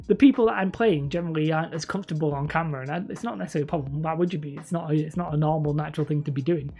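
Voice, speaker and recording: Host of a live stream: a low, husky-voiced woman with a slight lisp, rambling and correcting herself, with faint music behind. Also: warm tone. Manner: rambling, self-correcting, laughs often. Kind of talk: casual livestream chat.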